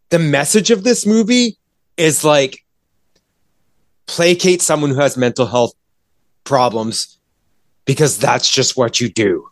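A man's voice: a little high, measured pace, pauses often, no room sound, studio quality. A man in a casual podcast chat, ranting with exasperation about a movie, swearing often and acting out characters' lines. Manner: exasperated, profane, acts out characters in quoted voices. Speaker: movie reviewer.

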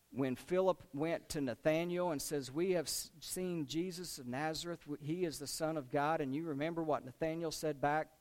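Earnest male preacher delivering a sermon. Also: fairly high pitch. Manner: earnest, emphatic preaching with rhetorical questions.

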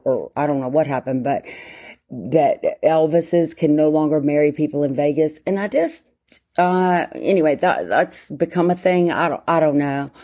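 A deep, mellow-voiced woman in her 50s chats alone as a podcast host. She wanders from point to point, interrupts herself often and plugs pauses with ums.

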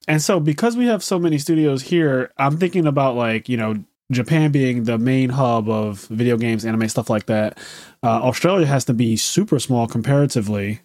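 A man's voice: mid-range voice, moderate pace, a little mellow, no echo, studio quality. An American man hosting a podcast in casual, filler-heavy, blunt chat. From United States. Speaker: podcast host.

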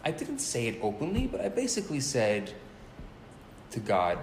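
A man in his forties, a rabbi teaching a live class, telling a story in a lively way and often restarting and repeating words. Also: mid-range voice, fairly quick. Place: classroom at a community center. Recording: roomy live recording with faint noise.

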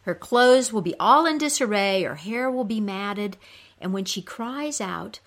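A woman voicing a wise, calm male god who gives careful instructions. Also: mid-range voice, unhurried. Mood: instructive.

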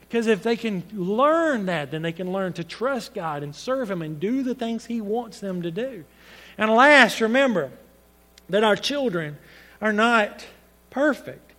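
A man's voice: high voice, lively intonation, measured pace, pushed and bright, in a large hall. A man preaching a sermon, speaking in an earnest, conversational storytelling way with frequent restarts.

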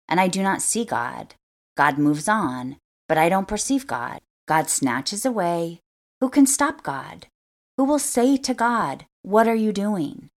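A woman reading scripture aloud as the show's host, in a measured, earnest way. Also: low voice. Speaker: scripture reader.

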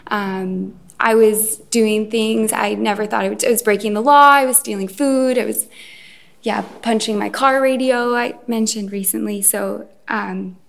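A woman sharing her personal recovery story at a meeting, hesitant with many pauses and restarts. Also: mid-range voice, fairly even intonation, gravelly. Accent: Irish. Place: event room. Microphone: recorded.

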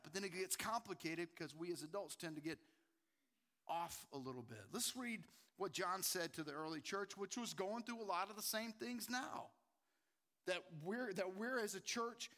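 A male pastor preaching a sermon with passion, swinging from loud urgency to hushed emphasis. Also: sits high, animated, moderate pace, long reverb tail.

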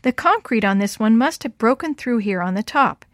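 A woman voicing a calm, helpful grown man who explains things plainly. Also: a little high, moderate pace, no echo, clean studio sound, lightly acted.

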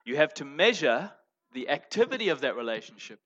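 Male pastor, sermon delivery, emphatic, forceful tone, lo-fi muffled recording. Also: on the high side, very animated, fairly quick. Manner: emphatic, swinging between loud stresses and quiet asides. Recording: dull lo-fi sound.

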